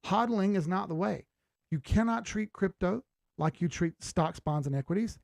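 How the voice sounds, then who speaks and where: A man hosting a live crypto chart stream, chatting casually as he reads out viewer comments, blunt and quick to swear, often laughing. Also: sits high, vocal fry, darkish tone, dry recording, studio quality.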